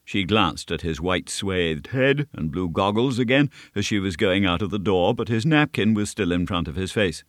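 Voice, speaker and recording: A man reading a classic novel aloud as scripted narration, in a measured, steady storytelling manner. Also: sits low, dry recording, clean studio sound. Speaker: audiobook narrator.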